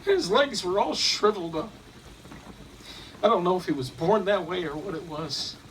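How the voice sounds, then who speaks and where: A man's voice: high-pitched, lively intonation, a bit bright, a little hiss or hum. Man telling an eyewitness story, distant mic. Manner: halting, with restarts and repeated words. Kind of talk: dramatic first-person eyewitness retelling. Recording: distant mic, faint room ambience.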